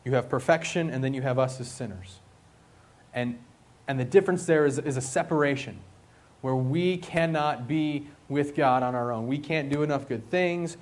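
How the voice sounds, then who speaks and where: A man preaching a sermon in a conversational, emphatic way, asking his listeners questions and slowing down on his key points. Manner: conversational, asks the audience questions; slow and emphatic, rising in pitch on key points.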